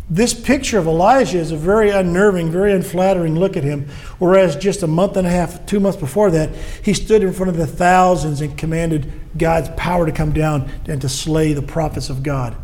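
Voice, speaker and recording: Guy preaching, earnest, high voice, does little voices for quotes. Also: darkish tone. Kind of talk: sermon.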